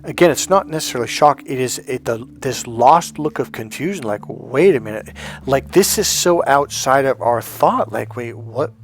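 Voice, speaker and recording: A man's voice: mid-range voice, expressive, moderate pace. A man giving a blunt, emphatic motivational monologue as a life coach, often acting out the voices he quotes.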